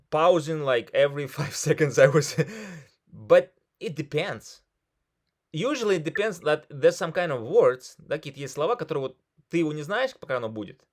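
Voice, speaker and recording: Chatty Russian-accented man coaching English. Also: on the high side. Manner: switches into Russian mid-thought, energetic and chatty. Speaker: English conversation club host. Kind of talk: casual coaching chat.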